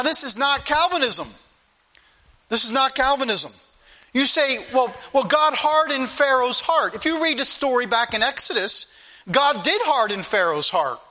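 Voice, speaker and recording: Man, preacher, high-pitched, bright forceful tone, emphatic sermon delivery, repeats phrases. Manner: emphatic, repetitive, addresses the congregation directly.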